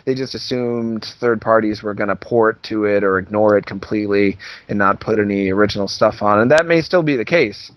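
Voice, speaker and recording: A man co-hosting a podcast, chatting casually and reacting in short relaxed replies. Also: lowish voice, a little fast, hardly any pauses, dry recording. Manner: relaxed, reactive, brief interjections. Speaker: podcast co-host. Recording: dull dry podcast mic.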